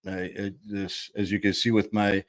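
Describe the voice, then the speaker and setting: A man's voice: fairly low pitch, little pitch movement, normal speed. A man hosting a casual live stream from a small studio into a table-mounted mic, joking and rambling with lots of restarts. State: a little loopy after anesthesia. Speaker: host.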